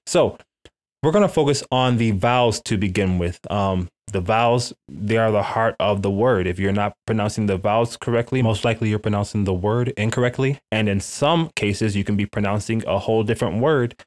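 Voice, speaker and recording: Guy teaching spanish vowels, kinda low voice, says each sound slow and careful, keeps asking okay?. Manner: frequent "okay?" check-ins with learners. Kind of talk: language lesson, repeat-after-me drills.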